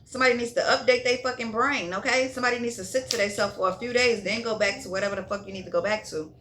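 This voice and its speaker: A woman's voice: a little high, pushed and bright, a little hiss or hum. A woman giving a casual tarot reading in a blunt, profane way, repeating herself and checking in with "okay?". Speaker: tarot reader.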